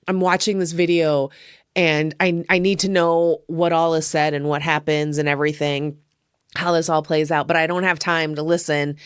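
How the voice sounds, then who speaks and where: Low-voiced woman podcaster, chatty and profane. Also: smooth, dry recording, studio quality. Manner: chatty, profane, laughs often. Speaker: podcast host. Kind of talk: casual film review podcast.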